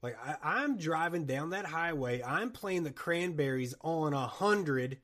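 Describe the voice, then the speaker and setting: A man hosting a podcast, chatting about a horror film in a rambling, jokey, animated way. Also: fairly high pitch, a little slow. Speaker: podcast host. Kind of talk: casual movie chat.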